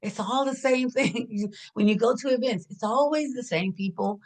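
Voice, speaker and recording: A middle-aged woman from Washington D.C. talks shop as a stylist in a relaxed interview. She tells her stories with energy, laughs often and slips into the voices of the people she describes. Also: fairly high pitch, moderate pace. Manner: animated, laughs often, acts out quoted voices. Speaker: hair and image stylist. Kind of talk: casual storytelling in an interview.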